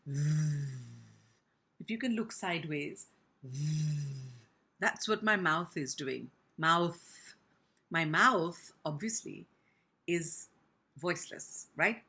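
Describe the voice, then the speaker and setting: Woman speech teacher, slow and careful, bright slightly husky voice, spells out sounds. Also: medium pitch. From India. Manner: slow, deliberate, demonstrates sounds with exaggerated articulation. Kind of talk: pronunciation lesson.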